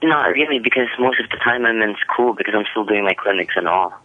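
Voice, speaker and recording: Low-voiced male caller on a tinny phone line. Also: lively intonation, fast talker. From Philippines. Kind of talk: phone call to an advice show.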